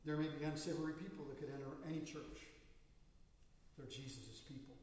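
A man preaching in a church sanctuary tells stories that swell into emphatic outbursts, heard from a distance in an echoey hall. He's a pastor with a slightly high, darkish voice and a brisk delivery.

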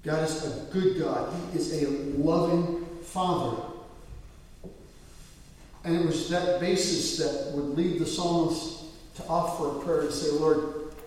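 A male pastor preaching a sermon in a church, storytelling with swings to loud excited peaks. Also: fairly high pitch, a little slow, far from the mic. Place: church sanctuary. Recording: echoey hall, mic from afar.

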